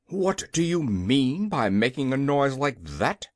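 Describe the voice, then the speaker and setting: A reader voicing a short-tempered gnome king in a storybook who blusters, shouts and growls. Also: medium pitch, sing-song, takes it slowly, dry recording, studio quality. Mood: blustering. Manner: blustering, easily startled.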